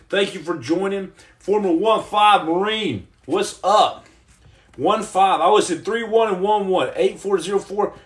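High, lively-voiced man joking on a livestream. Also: echoey room. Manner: rambling, joking, frequent stammered restarts. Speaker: livestream host. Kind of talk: comedic live chat reading viewer comments.

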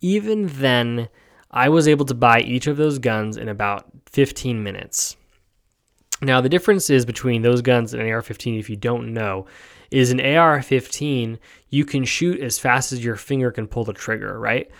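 A sleepy man from New York talks through his solo podcast in a loose, rambling way, with many ums and restarts. His voice is smooth and clear. He yawns as he goes. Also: mid-range voice, moderate pace. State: sleepy, yawning. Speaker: podcast host. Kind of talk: casual solo podcast monologue.

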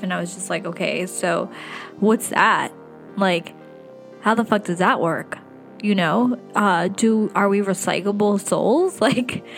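Young female vlogger, casual and gushing, filler-heavy and sweary, mid-pitched, faint background music. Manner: excitable, chatty, heavy use of "like" and swearing. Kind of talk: casual chat to camera.

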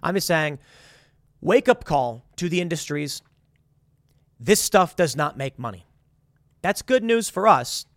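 Animated, sarcastic male commentator. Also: on the high side, measured pace, long pauses, dry recording, clean studio sound. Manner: animated, acts out quoted voices with sarcasm and restarts. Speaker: political commentator. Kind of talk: opinionated monologue.

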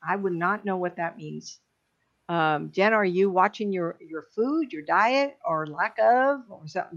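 A middle-aged woman, a psychic medium, giving readings on a live stream in an emotional, chatty way with many fillers and pauses. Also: on the low side. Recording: dull lo-fi stream audio.

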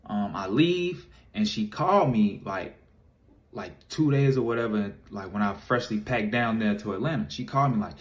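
A man's voice: on the low side, expressive, moderate pace. A young man in a video submission, telling a casual story in a loose, rambling way with many fillers. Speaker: listener sending a video submission.

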